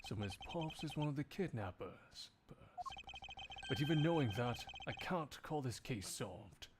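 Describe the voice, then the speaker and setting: A man's voice: mid-range voice, animated, measured pace, background noise, lightly acted. A man doing a cool aloof prosecutor. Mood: composed. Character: composed, aloof male prosecutor. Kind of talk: live fan dub of a game.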